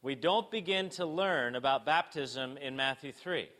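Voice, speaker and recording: A man preaching a sermon, asking rhetorical questions and moving between emphatic and hushed delivery. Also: mid-range voice, a little slow. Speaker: pastor.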